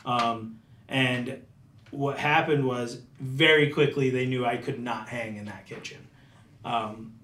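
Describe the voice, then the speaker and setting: A man's voice: mid-range voice, fairly even intonation, slow pace, a bit bright. Man rambling through a story, roomy distant mic. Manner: loose, rambling, many "like" fillers. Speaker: chef guest. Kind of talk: casual storytelling.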